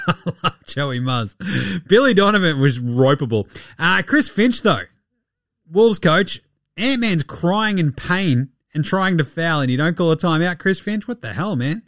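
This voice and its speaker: A man's voice: fairly high pitch, lively intonation, measured pace, a bit bright, dry recording, studio quality. A man hosting a casual basketball recap podcast, irreverent and sweary, slipping into mocking voices. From Australia. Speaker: podcast host.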